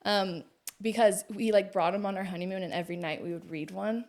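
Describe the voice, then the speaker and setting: A woman in her thirties chatting as a podcast guest. Her pitch sits in an ordinary middle range. She talks in a loose, chatty storytelling way and laughs easily. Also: steady tone, fairly quick, darkish tone. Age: 30s. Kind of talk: casual conversation.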